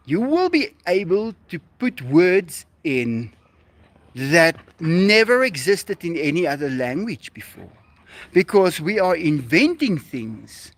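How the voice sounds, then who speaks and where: Animated South African man, lively high voice. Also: dry recording. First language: Afrikaans. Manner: animated, chatty, addresses viewers as guys. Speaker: livestream host. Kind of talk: casual livestream chat.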